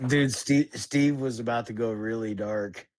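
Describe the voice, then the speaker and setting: A man's voice: medium pitch, slow, no echo. A man from Alabama in a casual group voice chat, laid-back and wisecracking as he throws out requests.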